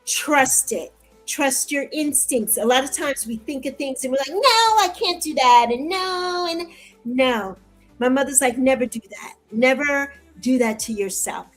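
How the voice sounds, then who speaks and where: A woman's voice: sits high, a little slow, fairly bright tone, soft background music, low-quality recording. An older woman in an interview, speaking in a heartfelt, repetitive way that rises into tearful pleading. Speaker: interview guest. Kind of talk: emotional interview conversation.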